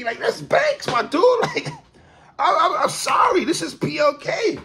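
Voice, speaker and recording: A man with a high, lively voice and a gravelly edge talks through his hip-hop commentary like a casual chat. He jumps between big exclamations and low asides, laughing as he goes. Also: a little slow, slight background noise. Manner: animated, laughs and exclaims often.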